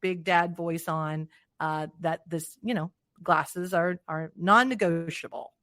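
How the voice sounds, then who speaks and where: A woman's voice: on the low side, little pitch movement, slow pace, fairly bright tone, dry recording. A woman in her forties hosting a podcast, talking in a chatty, joking way with self-deprecating asides. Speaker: podcast host. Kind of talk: casual podcast chat.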